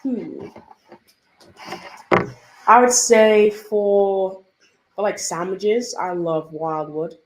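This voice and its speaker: A woman's voice: mid-range voice, fairly even intonation, extremely slow, pauses often, darkish tone, a little hiss or hum. Young Englishwoman chatting in a roomy space. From England. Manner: chatty, laughs often while telling stories. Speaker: guest. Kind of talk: casual interview chat. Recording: roomy echo.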